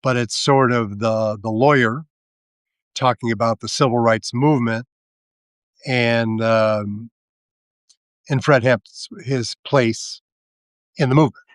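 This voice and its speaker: A live video host delivers casual political commentary slowly and haltingly, sardonic and peppered with fillers and restarts. His middle-pitched voice is steady in tone and heard close and dry, with no echo or room sound.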